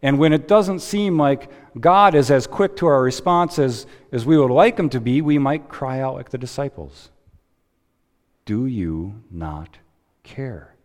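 A man preaching a sermon as a pastor, slow and deliberate with dramatic pauses, heard in a church sanctuary. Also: a little high. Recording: long reverb of a church hall.

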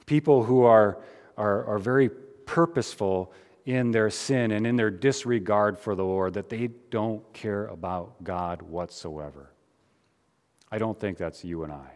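A pastor giving a conversational sermon, with frequent fillers and restarts. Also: male voice, fairly low pitch, measured pace, a little mellow, in a large hall.

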